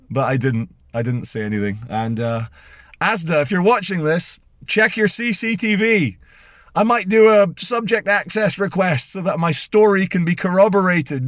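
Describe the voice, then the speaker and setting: A middle-aged man from Britain tells a story to camera with mounting indignation and heavy sarcasm. His voice sits high for a man. The sound is dry and close, with no room around it. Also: fairly bright tone, dry recording. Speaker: vlogger. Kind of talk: casual storytelling rant to camera.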